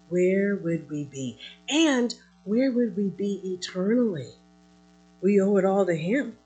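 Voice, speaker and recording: A woman preaches a sermon in a breathy, husky voice, taking her time over each phrase. Her pitch sits a little low but swings widely as she moves between loud emphasis and soft asides. Faint music and a mains hum sit behind her. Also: animated, unhurried, muffled recording.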